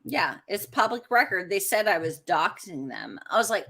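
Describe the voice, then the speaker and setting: A woman's voice: normal speed, vocal fry. A woman co-hosting a casual podcast on a video call, ranting heatedly and swearing constantly. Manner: lively, swinging pitch. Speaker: co-host.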